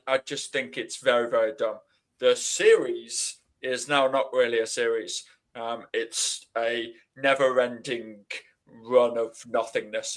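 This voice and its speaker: A man's voice: mid-range voice, fairly bright tone. A man, co-hosting a sports podcast and ranting with sarcastic asides. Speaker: podcast co-host. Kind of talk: casual chat.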